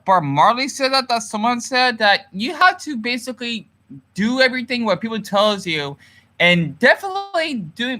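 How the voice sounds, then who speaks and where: A man's voice: high-pitched, pushed and bright. A man ranting emotionally on a livestream and reading viewer comments, swearing often and restarting his sentences.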